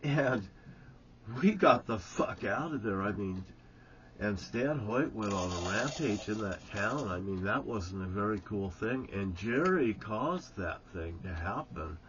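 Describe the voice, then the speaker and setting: A man's voice: lowish voice, expressive, unhurried, a bit bright, lo-fi sound, a little hiss or hum. A man telling an old story casually, rambling and swearing freely, often breaking into chuckles.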